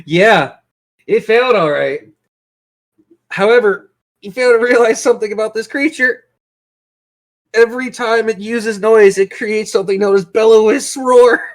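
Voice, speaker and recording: A game master narrating a tabletop game in a playful way, laughing often and slowing down for dramatic scene descriptions. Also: mid-range voice.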